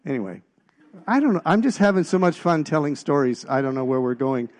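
A middle-aged man preaching a personal testimony, telling stories with halting restarts and getting louder at the punchlines. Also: on the high side, expressive. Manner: storytelling, halting restarts, rises in volume at punchlines.

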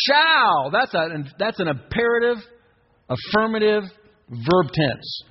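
A middle-aged male pastor preaches in a church sanctuary, his fairly high, sing-song voice moving at a moderate pace with a breathy edge. He exhorts the congregation and has them repeat phrases back in call-and-response. The recording is dull and reverberant.

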